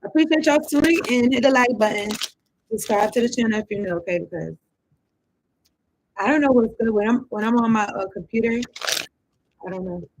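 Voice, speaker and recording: A woman's voice: a little high, a little fast, long pauses, slight background noise, low-quality recording. A woman giving a casual tarot reading. She rambles and thinks aloud in loose slang, with some swearing. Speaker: tarot card reader.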